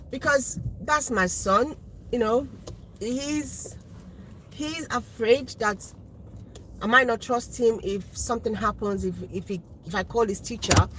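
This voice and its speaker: A woman's voice: a little high, fairly bright tone, a little hiss or hum, low-quality recording. A woman speaking as a mother, earnestly recounting a family episode in casual storytelling with many restarts. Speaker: parent telling a story.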